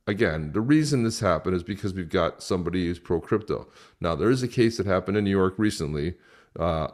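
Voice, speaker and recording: A man hosting a live crypto show, chatty and excitable, reading viewer comments aloud between bursts of commentary. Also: sits low.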